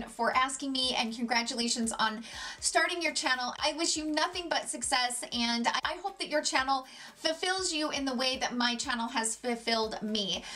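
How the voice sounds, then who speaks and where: A woman's voice: high-pitched, pushed and bright. A young adult woman hosting a beauty vlog, chatting in a gushing, enthusiastic, rambling way. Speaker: beauty vlogger.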